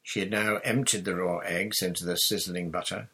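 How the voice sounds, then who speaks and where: A male narrator reads a children's adventure story in a steady storytelling manner. His voice sits low with a gravelly, husky grain. The delivery is even and scripted. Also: moderate pace. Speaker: audiobook narrator.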